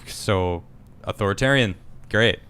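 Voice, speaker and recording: A man hosting a casual podcast stream, reading viewer comments aloud and reacting with quick asides. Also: on the low side, a bit bright, smooth. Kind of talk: casual live-stream chat.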